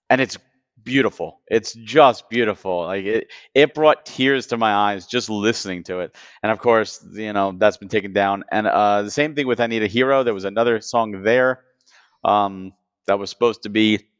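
A man's voice: lowish voice, clear, resonant tone, dry recording, dull audio. A man co-hosting a podcast, chatting casually and with feeling about a film, often repeating himself. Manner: enthusiastic, emotional, repeats words. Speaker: podcast co-host.

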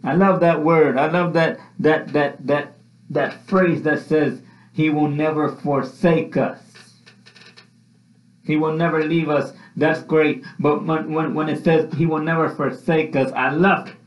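A man preaching with slow, deliberate emphasis and a fairly high voice, repeating his phrases with rising passion. The sound is dull and lo-fi, with the echo of a roomy church hall. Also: steady tone. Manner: impassioned, repeats phrases, rises and falls. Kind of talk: sermon. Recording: echoey room, dull lo-fi sound.

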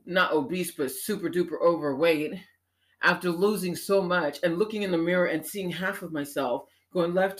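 A woman hosting a show, talking in an animated, emphatic personal monologue that swings up into exclamations. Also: on the low side. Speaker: podcast host.

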